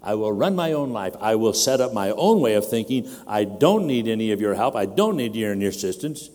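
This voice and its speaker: An older man preaching a sermon in a large conference hall, his mellow voice trailing off into a long reverb. He gets animated and pushes his voice up when he acts out a demanding baby. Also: on the low side, fairly quick.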